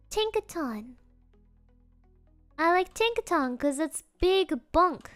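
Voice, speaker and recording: A woman virtual streamer chats casually on a live stream with a non-native English accent, playful and giggly as she repeats silly phrases. Her voice is very high-pitched and fairly bright, with no echo.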